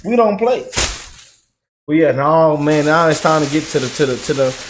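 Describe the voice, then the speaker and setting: A man giving an animated, mocking reaction commentary for his video channel, repeating himself for emphasis. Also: on the high side, normal speed, slight background noise. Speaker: YouTube commentator.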